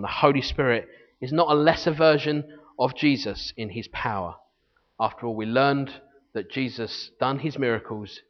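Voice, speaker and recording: A man preaching a sermon, teaching earnestly and reading scripture aloud. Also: medium pitch. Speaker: pastor. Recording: long hall reverb, dull lo-fi sound.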